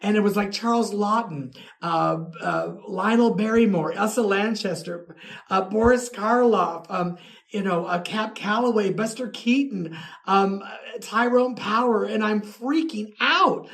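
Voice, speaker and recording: A man's voice: sits high, unhurried. Gushing man telling a story. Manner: excitable, gushing, with many fillers. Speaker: storyteller guest. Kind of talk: podcast anecdote.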